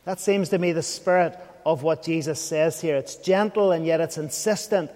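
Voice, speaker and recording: A man delivers an evening sermon in a high, light voice, earnest and searching as he puts questions to his listeners. He sometimes sinks almost to a whisper. The sound carries a long reverb, as if from a large church hall. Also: normal speed, darkish tone. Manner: earnest, questioning, drops to a near whisper at times. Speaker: preacher.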